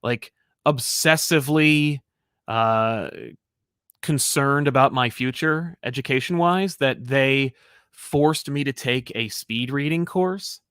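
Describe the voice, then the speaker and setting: A man co-hosting a casual live comics chat, rambling and self-deprecating, with halting restarts. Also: medium pitch, fairly bright tone, clean tone, no echo, studio quality. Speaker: co-host of a comics show.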